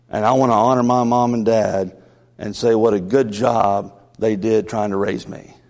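Gravelly pastor preaching, roomy hall. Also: male voice, medium pitch, a little mellow. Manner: earnest, conversational preaching with asides and restarts. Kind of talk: sermon. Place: church sanctuary.

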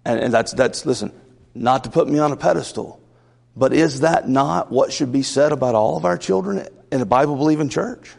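A man's voice: medium pitch, a little fast, vocal fry, a little mellow, big-room sound. A man from the South, a pastor preaching a Wednesday night sermon in an earnest, conversational way with asides. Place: church sanctuary.

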